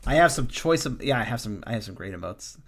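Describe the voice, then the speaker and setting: A man's voice: medium pitch, lively intonation, fast talker, creaky, fairly bright tone, slightly rough. A man streaming a game, chatting casually, joking and swearing freely, often trailing off into mumbles. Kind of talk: casual let's-play chat.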